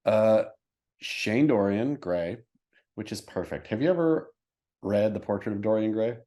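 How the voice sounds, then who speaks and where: Male podcast co-host, lower voice, playful and rambling in casual chat. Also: expressive, a little slow, mellow. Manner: laughing, playful, rambling storyteller.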